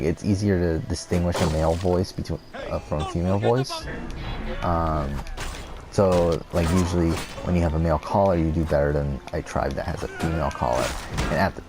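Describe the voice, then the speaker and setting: A man's voice: sits low, moderate pace, over music. A man giving casual, rambling gameplay commentary, full of fillers and restarts, cursing when things go wrong. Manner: rambling, many fillers and restarts, swears at the game.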